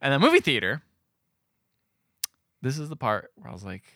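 A young man co-hosting a podcast, retelling a movie plot in a casual, animated way, acting out the characters' lines and swearing freely. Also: mid-range voice, normal speed, no echo, studio quality. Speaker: podcast co-host.

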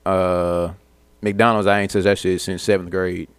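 A man speaks in a deep voice, picking his words with care in casual podcast talk. The sound is close and dry, with no room around it. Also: little pitch movement, smooth, no room sound. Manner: deliberate, measured talk with profanity. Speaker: podcast co-host. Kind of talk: casual chat.

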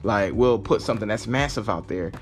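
A man's voice: on the low side, a little fast. A man hosting his own podcast, talking through motivational advice in an earnest, rambling way, often restarting and saying "like". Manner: earnest, repetitive, heavy use of "like". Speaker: podcast host. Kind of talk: casual motivational monologue. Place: own apartment.

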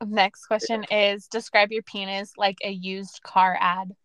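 A woman's voice: medium pitch, level tone, measured pace, a bit bright, clean tone. A woman guest on a podcast, reading out questions in a matter-of-fact way. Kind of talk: casual podcast chat.

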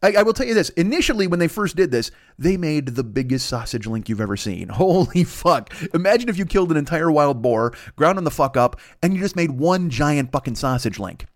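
A man's voice: on the high side, very animated, fairly quick, hardly any pauses. A man hosting a comedy podcast, improvising a rambling, profane story. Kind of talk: improvised comic rant.

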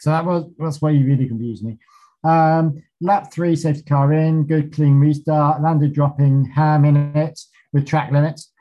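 A man's voice: fairly high pitch, dark tone, highs cut off. A man co-hosting a podcast, recapping a race in clipped notes with frequent ums and casual swearing. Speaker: podcast co-host.

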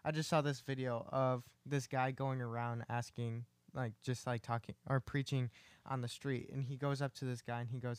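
A man's voice: mid-range voice, level tone, normal speed, smooth, dry recording. Earnest man telling faith stories. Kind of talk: casual faith discussion.

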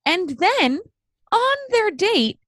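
A woman's voice: extremely high pitch, slow, no room sound. A woman co-hosting a casual chat show, recapping a story and acting out its quotes. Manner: animated, acts out quotes. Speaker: podcast co-host.

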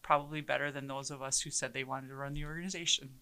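A woman in her forties, a police chief, telling stories in a passionate, animated way during an interview. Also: rumbling low, fast talker. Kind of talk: conversational interview.

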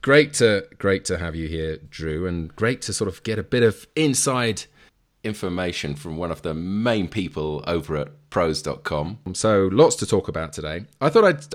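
A male podcast host with a notably deep, low voice. He introduces the show and then chats with his guest, often doubling back on his words. His delivery is friendly and conversational. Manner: friendly, repeats words while thinking. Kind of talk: podcast hosting.

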